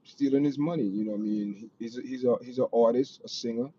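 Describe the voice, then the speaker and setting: A man's voice: medium pitch, little pitch movement, fast, dark tone. A man with a Jamaican accent, hosting a casual livestream and chatting with viewers in a rambling way, repeating himself and often saying "you know what I mean". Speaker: livestream host. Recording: dull lo-fi stream audio with faint noise.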